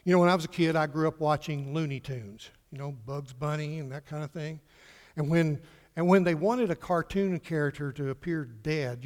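A male pastor preaching a sermon emphatically, swinging from loud declarations to hushed questions and repeating words for stress. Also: on the high side. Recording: reverberant hall.

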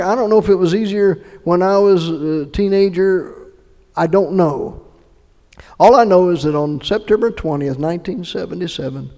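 A middle-aged man preaching a sermon and telling his own conversion story, earnest and moving between hushed recollection and emphatic appeals. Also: sits high. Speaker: pastor. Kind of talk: sermon with personal testimony. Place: church sanctuary. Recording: echoey hall reverb.

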